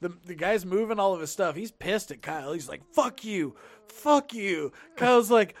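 High voiced guy telling a wild story to his buddies, acts out all the lines. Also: brisk. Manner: animated, acts out quotes with big voice swings. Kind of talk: casual storytelling among friends.

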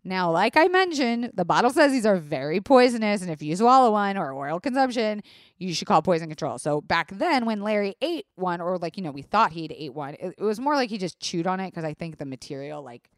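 A woman's voice: mid-range voice, big pitch swings, a little fast, no room sound, studio quality. A woman hosting a podcast, telling a comedic story in a candid, profane, chatty way and acting out her own panic. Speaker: podcast host.

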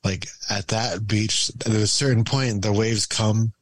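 A young man telling stories in a relaxed, rambling way as a podcast guest, full of fillers and laughs. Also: fairly low pitch, unhurried, poor audio. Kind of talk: casual storytelling chat.

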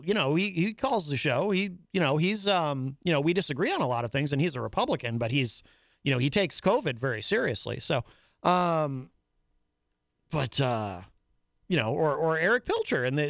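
A male talk show host with a somewhat high voice, delivering an opinionated monologue. He rambles, restarts and fills his pauses with hesitations. The recording is dry and close. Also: fairly bright tone, dry recording. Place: New Hampshire.

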